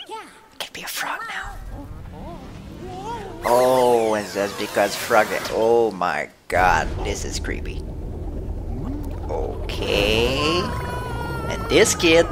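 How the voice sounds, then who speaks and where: A young man giving jokey, excitable commentary while playing a video game. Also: mid-range voice, slow pace, long pauses, noisy background. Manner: excitable, jokey, yelps and laughs. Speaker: let's play gamer. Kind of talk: casual gameplay commentary. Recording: game music loud under the voice.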